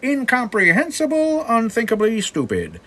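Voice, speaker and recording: A man putting on the voice of an old-timey 1920s radio announcer, with a showy, booming announcer delivery. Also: huge pitch swings, moderate pace, fairly bright tone, exaggerated voice. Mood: grandiose.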